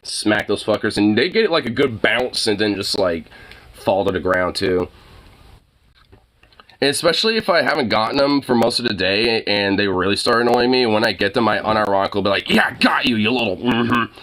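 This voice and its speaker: A man's voice: lowish voice, animated, moderate pace, a bit bright. A man chatting casually to the camera about his dog, laid-back and profane, often chuckling. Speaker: vlogger filming his dog. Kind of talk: casual chat.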